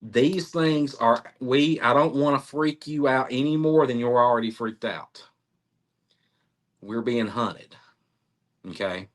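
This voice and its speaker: A middle-aged man in an interview, telling a story in an animated way, acting out quotes and laughing often. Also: medium pitch, slow, pauses often. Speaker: interviewee, cryptid researcher.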